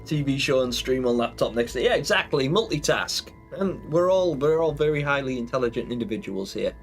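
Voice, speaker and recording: A man's voice: medium pitch, expressive, a little fast, soft background music. A man hosting a live stream in casual chat, rambling and laughing often as he reads viewer comments.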